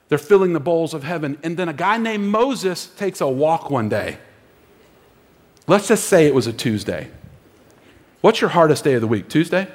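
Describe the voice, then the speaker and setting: A man preaching a sermon as pastor, emphatic and repeating phrases for effect, in a church auditorium. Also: on the high side. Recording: long hall reverb.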